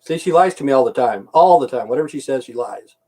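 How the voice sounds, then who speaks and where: A man's voice: mid-range voice, animated, fast talker, darkish tone, breathy edge. A middle-aged American man ranting angrily into the camera, swearing and repeating himself. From United States. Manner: profane, repetitive, heated. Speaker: vlogger. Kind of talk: angry ranting monologue.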